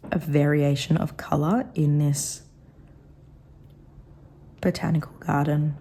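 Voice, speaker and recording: A woman with a slightly rough, coughing throat, chatting casually as she reviews a pen. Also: deep voice, slow pace, pauses often, a little hiss or hum. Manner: chatty, rambling, softly admiring. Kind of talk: casual product review vlog.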